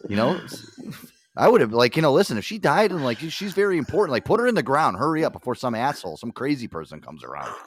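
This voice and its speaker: A man from the United States hosting a casual podcast chat, animated and profane and quick to laugh. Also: mid-range voice. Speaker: podcast host.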